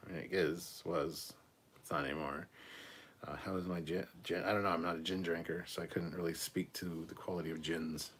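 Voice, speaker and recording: Low husky man chatting on a livestream. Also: fairly even intonation, brisk. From Canada. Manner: reads viewer comments aloud and reacts, swears, laughs. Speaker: livestream host reading chat. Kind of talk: casual live chat.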